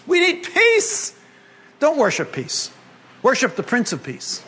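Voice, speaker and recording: A man preaching a sermon to a congregation, animated and humorous, moving between emphatic and hushed delivery. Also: very high-pitched. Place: congregation gathering.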